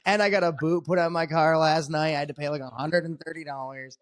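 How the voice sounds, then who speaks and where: A man's voice: fairly high pitch, fairly even intonation, fast, no room sound. A man, a stand-up comedian, telling stories casually on a podcast, swearing freely and laughing often. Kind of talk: casual profane storytelling.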